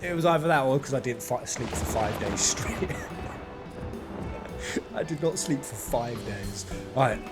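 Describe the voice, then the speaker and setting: A man streaming a game and chatting in an animated, self-mocking way. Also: medium pitch, slow, long pauses. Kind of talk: casual gameplay commentary. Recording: game music behind the voice.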